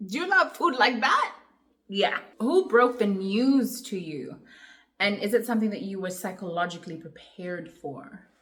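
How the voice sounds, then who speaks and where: A young adult woman talks through a personal Q&A vlog. She recalls things in a reflective, emotional way and pauses often between thoughts. Her voice sits at an ordinary middle pitch. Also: lively intonation, fairly bright tone. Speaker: vlogger.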